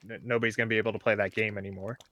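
A man's voice: lowish voice, little pitch movement, racing, sharp tone, no room sound, dull audio. A man co-hosting a podcast, chatting casually with joking asides. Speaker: podcast co-host.

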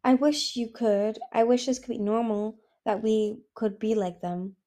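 A woman voicing a quiet, worried young dragon. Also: fairly high pitch, fairly even intonation, close to an everyday voice. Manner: soft, slow, subdued.

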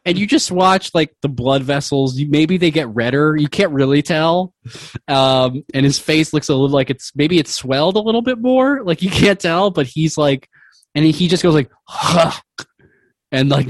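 A man's voice: on the high side, normal speed, no echo. A young man running a tabletop game as game master, rambling and laughing as he narrates.

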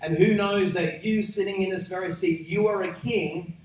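A man preaching a sermon to a congregation, emphatic and building to loud peaks. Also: high voice, steady tone, normal speed, slight background noise. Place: large church hall. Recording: echoey hall from far off.

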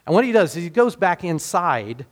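A man's voice: high voice, sing-song, normal speed. A man preaching a casual, conversational sermon, asking his listeners questions and acting out the people in the passage. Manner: casual, talks to the congregation directly with rhetorical questions; acts out quoted speakers in dialogue.

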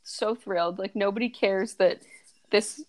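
A woman's voice: medium pitch, steady tone, a little slow, rough recording. A woman co-hosting a podcast, recapping a movie plot in a sarcastic, mocking way. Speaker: podcast co-host.

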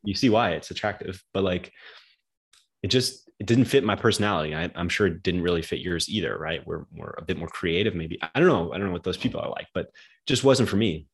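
A man's voice: deep voice, a little fast, husky. A young man from the United States, talking casually and loosely as a podcast guest, with lots of slang. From United States, outside New York City.

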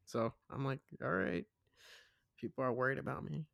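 A man's voice: mid-range voice, lively intonation, normal speed, creaky, a bit bright, no echo. Laid-back young man, dry close sound. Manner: laid-back, laughs often, acts out quoted relatives. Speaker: podcast co-host. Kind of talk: casual chat.

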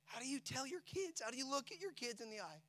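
Middle-aged male pastor, high voice, emotional sermon delivery, hushed to shouting. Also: animated, quick pace. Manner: emotional storytelling preaching, swinging from hushed to shouting.

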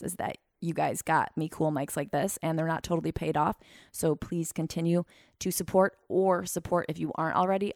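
A woman's voice: low voice, gravelly, darkish tone, no room sound, studio quality. A young woman hosting a podcast, talking in a rambling, self-deprecating way in casual chat. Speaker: podcast host.

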